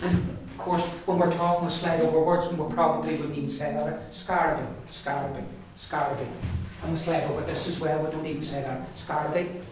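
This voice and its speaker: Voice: mid-range voice, level tone, brisk, few pauses. Patient teacher with a Donegal accent. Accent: Donegal Irish. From Donegal, Ireland. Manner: patient and repetitive, says each word several times, with asides and small laughs. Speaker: Irish language teacher. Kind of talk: pronunciation class, teacher models words for the class to repeat. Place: large echoey classroom with a group of learners. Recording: echoey room, distant mic, background noise.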